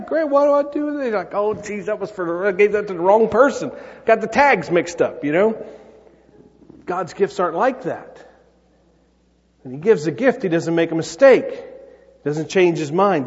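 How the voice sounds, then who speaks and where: A male pastor preaching a sermon in an earnest, conversational way with quick playful asides. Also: a little high, a little mellow, slightly rough. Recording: dull long-reverb hall sound.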